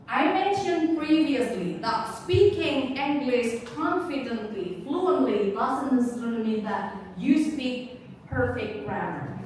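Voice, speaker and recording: A woman's voice: on the high side, slight background noise. A woman lecturer with an Indonesian accent teaching a live workshop, acting out examples with big swings of intonation. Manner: slow, expressive, acts out examples with swinging intonation. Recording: echoey hall, voice from far off.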